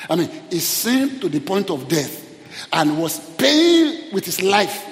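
A man preaching a sermon, pleading with his congregation in an animated way. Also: on the high side, a little slow, vocal fry. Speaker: pastor. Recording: echoey hall reverb.

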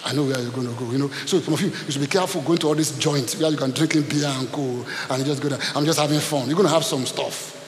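A man preaching a sermon as pastor, dramatic and animated, acting out scenes. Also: medium pitch, fast, hardly any pauses. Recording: echoey hall with faint hiss.

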